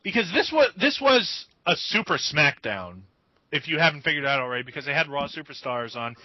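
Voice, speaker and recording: A man co-hosting a podcast in casual chat, griping with animated exasperation. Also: on the high side, a little fast, no room sound. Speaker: podcast co-host. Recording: dull, dry lo-fi audio.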